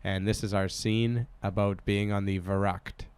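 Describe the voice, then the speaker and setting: A man co-hosting a comedy podcast, rambling and excitable, swearing casually as he reads listener suggestions. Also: fairly low pitch, a little slow, clean tone. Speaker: podcast co-host.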